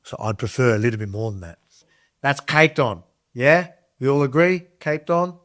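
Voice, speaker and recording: A man's voice: mid-range voice, expressive, normal speed, fairly bright tone. A man in his thirties with an Australian accent, chatting casually through a kitchen cooking demo in a rambling, enthusiastic way. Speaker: cooking video host.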